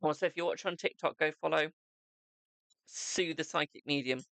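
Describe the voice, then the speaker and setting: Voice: mid-range voice, moderate pace, vocal fry, a bit bright, dry recording. A tarot reader hosting a live-stream card reading, chatty and fond with viewers. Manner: chatty, calls viewers "my darling".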